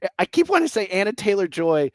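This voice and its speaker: Fast and very animated, this man's high-sitting voice comes through in a dry recording. In his thirties and co-hosting a casual podcast, he's an eager rambler who keeps acting out people's words.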